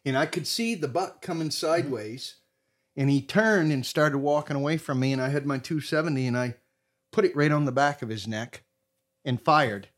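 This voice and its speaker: A man from Maine, a podcast guest, telling a hunting story in a casual, animated way, his voice swinging between loud and soft. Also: fairly high pitch, moderate pace.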